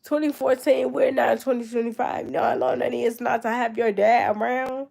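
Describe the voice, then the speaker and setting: Stuffy-nosed 19 yr old girl chatting with her stream, lots of vocal fry. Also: on the high side, steady tone, brisk, a little mellow. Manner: rambling, answering chat comments. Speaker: livestreamer. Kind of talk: casual chat with viewers.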